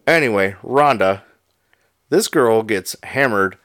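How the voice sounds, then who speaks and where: A man's voice: on the low side, lively intonation, slow pace, fairly bright tone, no echo, clean studio sound. Profane, storytelling podcast man. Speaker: podcast co-host. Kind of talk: casual storytelling chat.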